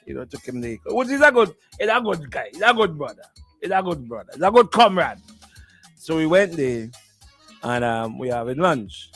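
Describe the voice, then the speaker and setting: A man's voice: on the high side, very animated, moderate pace, a bit bright, faint music behind. A man, hosting a morning radio show and telling stories in a teasing way, repeating himself and laughing often. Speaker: radio host. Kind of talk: animated morning-show storytelling.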